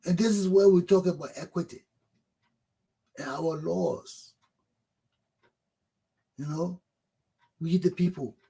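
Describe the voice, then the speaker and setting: A man's voice: high-pitched, slow, gravelly, pauses often, dark tone, breathy edge. A middle-aged man with a Liberian accent, hosting a talk show in an emphatic, preachy monologue that repeats its points. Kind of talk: animated opinion monologue.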